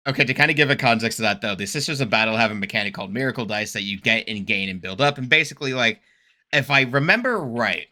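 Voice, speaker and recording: A man hosting a casual reaction video, rambling with frequent laughs, fillers and excitable, mock-indignant rants. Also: medium pitch, fast talker. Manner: rambling, laughs often, heavy use of fillers.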